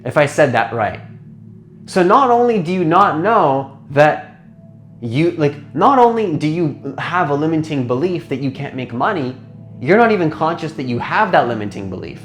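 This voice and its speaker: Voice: mid-range voice, very animated, moderate pace, soft background music. A transformation coach giving a casual motivational talk, rambling with lots of "like", restarts and rhetorical questions to the listener.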